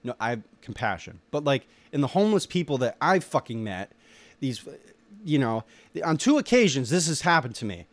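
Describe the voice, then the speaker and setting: A man's voice: mid-range voice, sing-song, normal speed, no room sound. A young man in a rambling solo monologue, ranting with heavy swearing and lots of filler words. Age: young adult. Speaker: solo podcaster.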